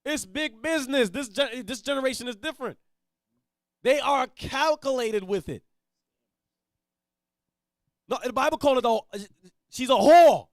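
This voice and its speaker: A man leading a Bible reading and preaching bluntly, dropping to low mutters, then shouting his points. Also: a little slow, long pauses, no echo, studio quality. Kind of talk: street-style Bible teaching.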